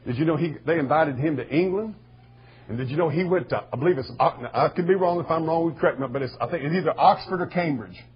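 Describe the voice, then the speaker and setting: A man preaching a sermon in a folksy storytelling way, with a husky voice. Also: on the high side, fast, muffled recording. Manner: folksy storytelling, rising to shouting bursts. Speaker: pastor.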